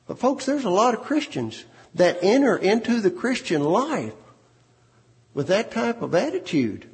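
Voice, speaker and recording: A man's voice: very high voice, very animated, a little slow, a little mellow. A man preaching a sermon, repeating words and phrases for emphasis. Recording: long hall reverb.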